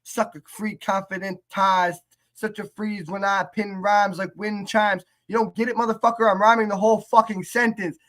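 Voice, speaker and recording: A man's voice: high voice, level tone, fairly bright tone, pitched above the performer's own voice. A man doing an impression of a famous rapper, ranting angrily and profanely at a critic. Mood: furious. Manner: profane angry rant, rapid and raised.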